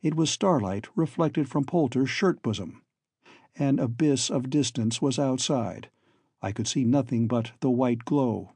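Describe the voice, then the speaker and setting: In a measured, steady storytelling manner, a man reads a first-person story as an audiobook narrator. His voice is medium-pitched and husky, and the recording is dry.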